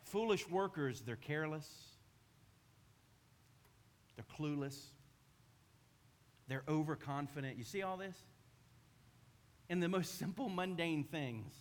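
A middle-aged man preaching as a pastor, telling a self-mocking story in an animated way. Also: fairly high pitch, takes it slowly, long pauses. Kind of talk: sermon.

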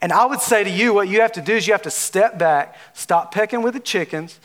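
A man's voice: high-pitched, brisk, few pauses, a bit bright. A man from Alabama with a Southern drawl, preaching a sermon in a folksy, conversational way full of casual fillers. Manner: conversational, folksy, with frequent fillers like "like" and "you know". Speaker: pastor.

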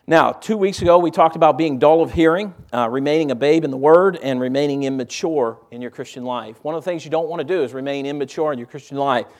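Man, pastor, sermon, slightly high voice, conversational, rhetorical questions. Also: fast talker, hardly any pauses. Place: church auditorium.

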